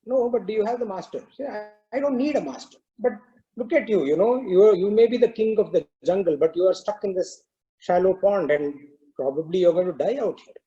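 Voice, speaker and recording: A man voicing a calm, wise female cow who speaks thoughtfully and patiently in a story. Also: high voice, a little fast, highs cut off, lightly acted. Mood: calmly confident.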